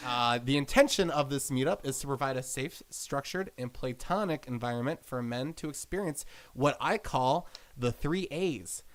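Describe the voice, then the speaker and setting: A man with a mid-range voice trades jokes on a casual podcast. He reads aloud haltingly, restarting sentences and stumbling through fillers, and keeps the tone loose and mocking. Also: mid-range voice, lively intonation. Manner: joking, halting with many restarts. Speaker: podcast co-host.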